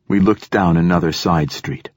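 A man narrating an audiobook in a steady, even storytelling manner. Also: sits low, normal speed, husky, no room sound, studio quality. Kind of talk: scripted narration.

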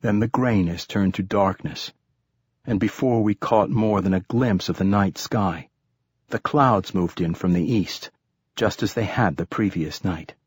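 A man reading an adventure novel aloud as an audiobook, in calm, measured storytelling. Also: lowish voice, slightly rough, no room sound. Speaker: audiobook narrator. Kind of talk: scripted audiobook narration.

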